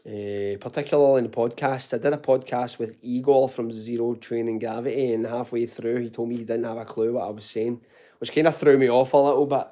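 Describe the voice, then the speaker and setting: This Glasgow man has a mid-range, warm voice with a steady delivery and a fairly quick pace. Hosting his fitness channel's live Q&A from home, he answers the chat in a chatty, casual way, calling viewers "mate" and swearing now and again. His Glaswegian Scottish accent comes through in a softened form.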